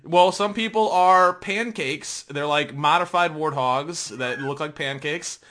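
A man's voice: a little high, measured pace, sharp tone. A man co-hosting a podcast, talking casually and at length about video games, swearing freely, restarting sentences and laughing often. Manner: rambling, profane, laughs often, many restarts. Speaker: podcast co-host. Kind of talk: casual gaming chat.

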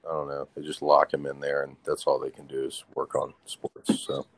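A man's voice: very deep voice, monotone, moderate pace. A young man co-hosting a sports podcast, talking in a hesitant way that trails off. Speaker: podcast co-host. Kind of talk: casual sports chat.

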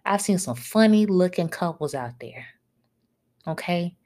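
Blunt, scolding podcast woman, low-pitched. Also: lively intonation, a little slow, a little mellow. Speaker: podcast host. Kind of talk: solo podcast rant.

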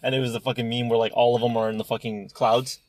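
A man hosting a casual podcast, rattling off profane banter at a fast clip and laughing often. His voice sits at an ordinary middle pitch. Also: flat delivery, darkish tone, no echo. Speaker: podcast host.

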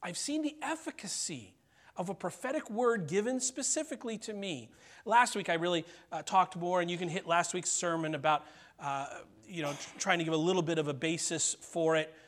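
A middle-aged pastor with a high voice preaches a sermon in a conversational style, frequently checking in with the congregation by asking "okay?" He uses dramatic pauses, slowing down and dropping to near-whispers on key phrases.

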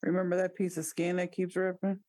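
Wry woman making deadpan remarks. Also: lowish voice, fairly quick, no echo. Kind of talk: casual chat.

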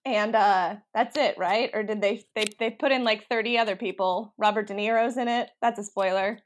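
A young woman co-hosting a podcast, chatting casually and laughing often between quick asides. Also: medium pitch, a little hiss or hum. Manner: giggly, animated, talks in quick asides. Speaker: podcast co-host. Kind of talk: casual chat.

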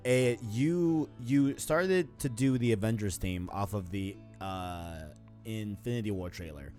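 A man's voice: on the low side, measured pace, dark tone, faint music behind. A man co-hosting a casual gaming talk show, loose and slangy, often tagging on "you know what I'm saying". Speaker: podcast co-host.

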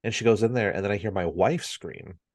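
A man in his thirties with a deep, low voice tells a family story as a podcast co-host. He is animated and slips into his relatives' voices as he goes. The sound is dry and close, with no room echo. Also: fairly quick. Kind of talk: casual chat.

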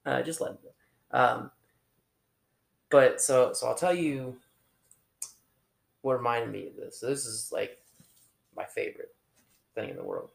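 A man preaches in a loose, conversational way, often stopping and restarting his sentences. His voice carries heavy vocal fry and a gravelly edge, set at an ordinary middle pitch. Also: reverberant. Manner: conversational, halting, many restarts and fillers. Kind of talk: informal sermon.

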